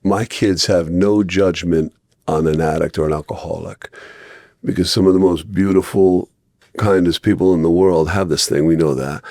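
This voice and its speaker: A middle-aged man with a very low voice tells stories as a podcast guest. He rambles, restarts his sentences and acts out the people he quotes. He is recorded close and dry on a podcast mic. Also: a little mellow, no echo. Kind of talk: casual podcast storytelling.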